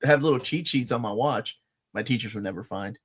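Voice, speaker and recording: A middle-aged man co-hosting a casual live chat, joking and telling stories with animated delivery. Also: medium pitch, brisk, breathy edge. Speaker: co-host of a comics channel.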